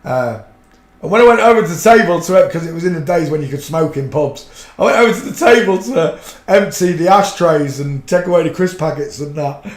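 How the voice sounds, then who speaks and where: A middle-aged man tells loose, colloquial anecdotes as a livestream host. His voice sits slightly high for a man. The room around him adds a noticeable echo. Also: animated, a little fast. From a fishing town. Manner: rambling, colloquial anecdote-teller. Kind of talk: casual storytelling chat. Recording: roomy echo.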